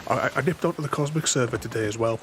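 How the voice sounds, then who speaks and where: A man's voice: medium pitch, very fast. A man giving casual, rambling gameplay commentary as a channel host, often restarting his sentences and chuckling to himself. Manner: rambling, self-interrupting, chuckling. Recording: voice over steady game noise.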